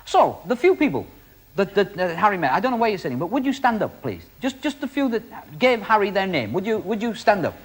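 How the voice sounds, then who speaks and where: A man's voice: sits high, very animated, fairly quick, a little hiss or hum. A man hosting a TV magic show, teasing his guest and addressing the studio audience in a playful way.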